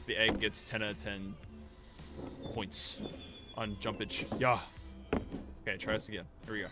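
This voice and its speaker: A man's voice: fairly low pitch, little pitch movement, normal speed. A male streamer giving casual live gameplay commentary, muttering to himself in a self-mocking, frustrated way. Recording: game music behind.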